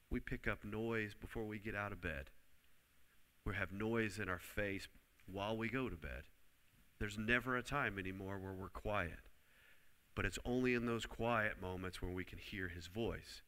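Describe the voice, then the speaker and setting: A low-pitched male preacher with a forceful, bright-edged voice delivers an emphatic sermon. He drives home key lines and has the congregation repeat them. A long reverb trails after his words in a church hall. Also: a little slow.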